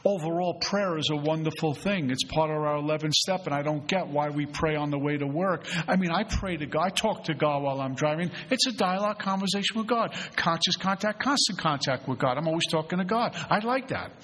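Retreat facilitator, man, somewhat high husky voice, earnest and conversational, long hall reverb. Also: fairly quick, hardly any pauses, fairly bright tone. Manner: earnest, conversational, repeats phrases. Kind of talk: spiritual recovery talk.

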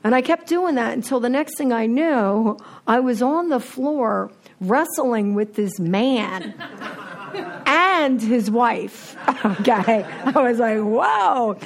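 A woman with a highish voice speaks slowly at a recovery meeting. She candidly tells her recovery story with animated storytelling, acting out what people said.

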